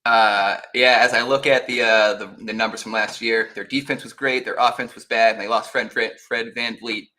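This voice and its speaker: A man's voice: on the low side, steady tone, moderate pace, few pauses, pushed and bright. A man co-hosting a casual sports podcast, talking hesitantly with fillers and sighs. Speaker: podcast co-host.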